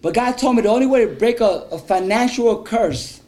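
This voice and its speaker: Fervent high-voiced male pastor preaching. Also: lively intonation, a little fast, mellow. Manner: fervent, breaks into speaking in tongues; call-and-response with the congregation. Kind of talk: sermon.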